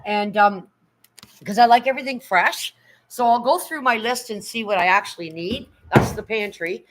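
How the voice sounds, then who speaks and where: A woman's voice: medium pitch, moderate pace, low-quality recording. A middle-aged woman chatting casually on a live stream from her home, showing her pantry and thanking viewers, easily moved. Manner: chatty and emotional, thanking viewers, near tears. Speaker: livestreamer.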